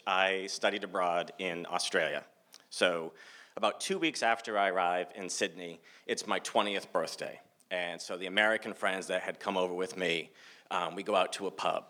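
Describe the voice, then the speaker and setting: A man in his forties from Massachusetts, telling a self-mocking story live on a theater stage. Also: lowish voice. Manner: animated, self-mocking, acts out dialogue.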